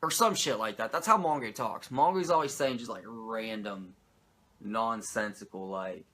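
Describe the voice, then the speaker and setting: A man's voice: fairly low pitch, a little slow, sharp tone. A man hosting a podcast, recapping wrestling in a rambling, crude, jokey way. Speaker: podcast host reviewing wrestling. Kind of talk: casual profane recap.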